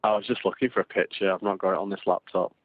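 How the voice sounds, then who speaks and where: A man's voice: low-pitched, fairly even intonation, quick pace, no echo. A man co-hosting a casual live-stream chat, rambling and restarting his sentences. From England. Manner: rambling, repeats words, frequent restarts. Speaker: podcast co-host. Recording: tinny phone-like dry sound.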